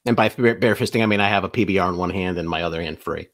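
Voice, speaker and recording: A man's voice: sits low, rapid-fire, a bit bright. A man in his forties, a voice actor guest, talking in a laid-back, blunt, joking way. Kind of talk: casual interview chat.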